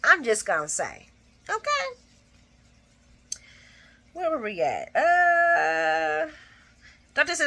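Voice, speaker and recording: A woman hosting a casual soap opera recap, animated and blunt, laughing often and acting out the characters' lines. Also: high voice, drawn-out words, creaky, pauses often. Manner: blunt and profane. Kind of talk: casual spoken episode recap.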